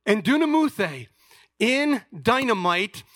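High bright-voiced male preacher. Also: slow pace, no room sound, clean studio sound. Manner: animated preaching with asides to the congregation. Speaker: pastor. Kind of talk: sermon.

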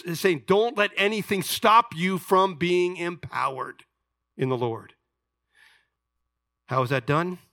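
A man preaching a sermon, explaining scripture with lively asides and questions to the congregation. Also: mid-range voice, no room sound, studio quality. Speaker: pastor.

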